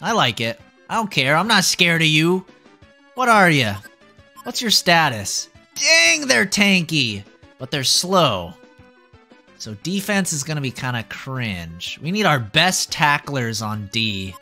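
A young man giving excitable live commentary as a streamer, yelping and groaning at the game. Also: a little high, takes it slowly, soft background music. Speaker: VTuber streamer.

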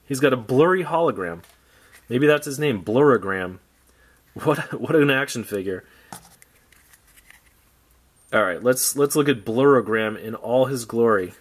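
Man, casual unboxing vlog, rambling, wry jokey asides, middle-pitched voice. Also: lively intonation, measured pace, pauses often, breathy edge. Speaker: toy collector vlogger.

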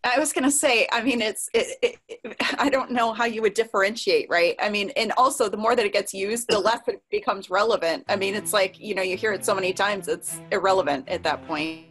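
A woman's voice: mid-range voice, brisk, hardly any pauses, fairly bright tone, breathy edge, soft background music. Chatty woman on a web call. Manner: chatty, lots of likes and restarts. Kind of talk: casual web conference discussion.

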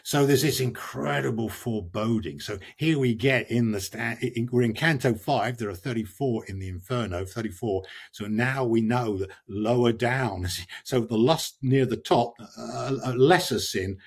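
An older man, an author, talking with passion about poetry and reading verse aloud with slow, dramatic emphasis. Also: mid-range voice, gravelly, breathy edge. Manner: expressive, reads verse aloud slowly and dramatically. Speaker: author and guest. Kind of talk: passionate literary discussion.

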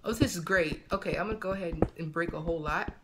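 A man giving casual let's-play commentary, talking to himself in a chatty way with quick excited outbursts. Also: on the high side, background noise. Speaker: gaming channel host.

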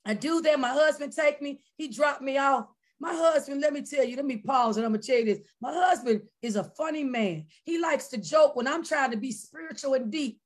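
Female church missionary, high voice, lively storyteller who acts out voices and erupts in praise. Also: a little fast, hardly any pauses. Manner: animated storytelling, acting out quoted voices; bursts into shouted praise. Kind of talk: personal testimony at a prayer service.

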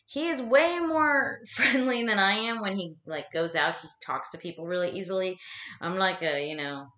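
A woman's voice: mid-range voice, normal speed, sharp tone. A woman streaming casual chat from home while folding laundry. She talks chattily, swears freely and pokes fun at herself. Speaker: live streamer. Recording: roomy echo.

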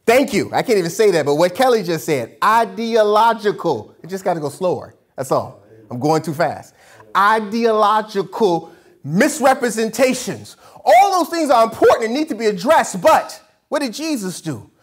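Lively, emphatic preacher. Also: mid-range voice, fairly quick, husky. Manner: emphatic, repeats key phrases, asks and answers own questions; casual, colloquial preaching. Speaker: pastor. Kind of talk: sermon.

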